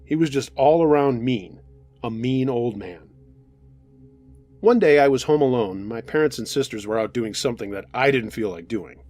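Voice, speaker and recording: A man narrating a true scary story in a calm, steady reading voice. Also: mid-range voice, normal speed, soft background music. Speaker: narrator reading listener stories. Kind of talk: scripted horror story narration.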